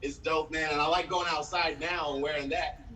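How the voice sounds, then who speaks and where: A man from San Diego performing an animated stand-up set, swearing freely and acting out quotes. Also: a little high, normal speed, recorded from a distance, rough recording. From San Diego, USA. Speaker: stand-up comedian. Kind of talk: live-streamed stand-up set.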